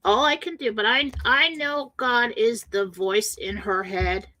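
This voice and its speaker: A woman's voice: on the high side, unhurried, pushed and bright, poor audio. A woman hosting a spiritual radio talk show, telling a personal story with emotion and acting out the voices of the people in it.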